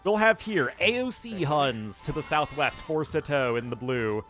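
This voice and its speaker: A man's voice: on the high side, lively intonation, unhurried, a bit bright, faint music behind. A man with a General American accent casting a live strategy game, chatty and casual and laughing often. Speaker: caster. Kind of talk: live game commentary reading chat.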